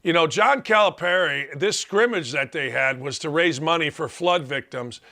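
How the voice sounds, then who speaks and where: A man's voice: on the high side, normal speed, pushed and bright. A middle-aged man hosting a sports talk show, delivering a brash, sarcastic monologue and mocking the people he talks about.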